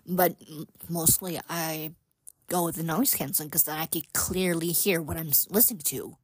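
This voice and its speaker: Slow husky woman, low voice, soft halting podcast chat, whispered asides, dry close sound. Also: no echo. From United States. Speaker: podcast host. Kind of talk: casual solo podcast monologue.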